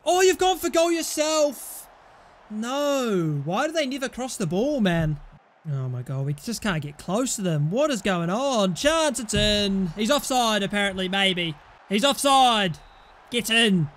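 A young man casually commentating his own football management game, chatting through results and shouting at goals and bad calls. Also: high-pitched, big pitch swings, unhurried. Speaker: gaming YouTuber.

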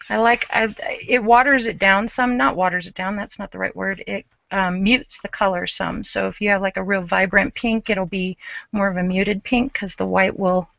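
Bright, chatty woman craft host. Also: medium pitch, steady tone, unhurried, creaky, dry recording, dull audio. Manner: chatty, self-mocking, explains while working. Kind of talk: casual live craft chat.

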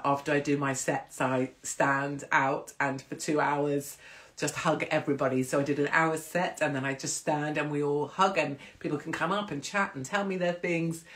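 A woman in her forties chats to her livestream viewers. She tells stories in an animated way and acts out the other people's voices. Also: deep voice. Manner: chatty, animated storytelling with acted-out voices. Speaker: livestream host. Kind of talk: casual chat to live viewers.

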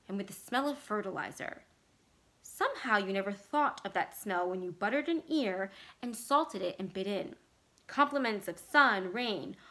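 A woman reads a horror story aloud with a bright, clear voice. Her delivery is measured and expressive, with mid-range pitch for a woman. It sounds like a library read-aloud. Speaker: library staff reader.

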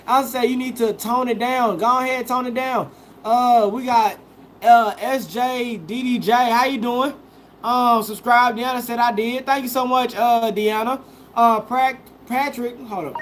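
A man's voice: very high-pitched, fairly bright tone, slight background noise. A young man, a food vlogger, chatting casually on a live stream, reading viewer comments aloud and answering each one.

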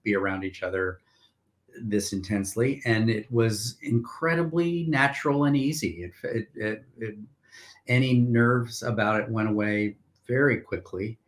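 An older man, a stage actor, telling stories in a measured, wry way during a casual video interview. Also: on the low side.

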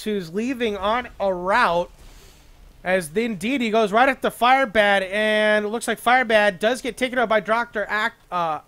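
Young male solo esports caster, high bright voice, rapid excitable play-by-play with jokey asides. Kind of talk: solo play-by-play game commentary.

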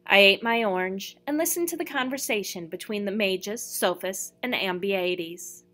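A woman narrating a first-person novel in a steady, measured storytelling voice. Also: medium pitch. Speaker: audiobook reader.

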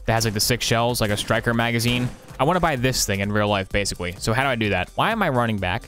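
A man's voice: mid-range voice, animated, quick pace, a bit bright, faint music behind. A man streaming a game, chatting in a joking, rambling, sarcastic way. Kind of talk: casual live-stream commentary.

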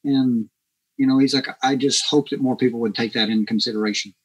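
A man's voice: medium pitch, fairly quick, breathy edge, rough recording. A man guest on a podcast, telling a story casually and acting out the dialogue with lots of energy. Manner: animated, acts out quoted dialogue.

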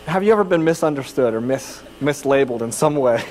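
With a medium-pitched, expressive, darkish voice, a Californian pastor preaches fairly quickly and with few pauses, sharing personal stories self-deprecatingly and restarting often in a conversational way. The audio is low quality with a long reverb tail.

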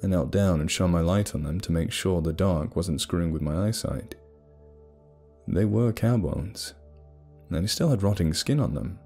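A young man tells a horror story in a steady, measured way. His voice sits very low. A faint music bed plays under it. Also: husky. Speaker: narrator. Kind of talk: scripted horror story narration.

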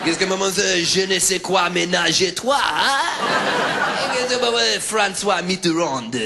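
A man's voice: sits high, quick pace, over a noisy crowd, very noisy, voice pushed up. A man spouting mock French gibberish. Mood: theatrical. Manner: gibberish, theatrical, exaggerated.

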